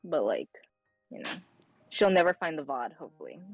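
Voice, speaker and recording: A young woman casually telling a personal story as a guest on a stream, animated and acting out the dialogue. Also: low-pitched, a little fast, creaky, slightly rough, no room sound, faint music behind, poor audio. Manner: animated, acts out dialogue with lively voice changes.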